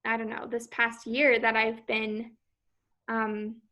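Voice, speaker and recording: A woman's voice: on the high side, monotone, slow, bright, forceful tone. A young woman, a singing student, talking hesitantly with many fillers. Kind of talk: casual chat.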